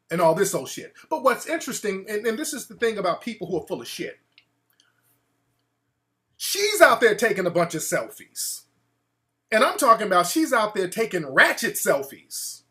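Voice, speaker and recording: A man hosting a talk show, ranting in an animated, mocking way and putting on voices to quote people. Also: sits high, moderate pace. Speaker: show host. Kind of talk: casual talk-show rant.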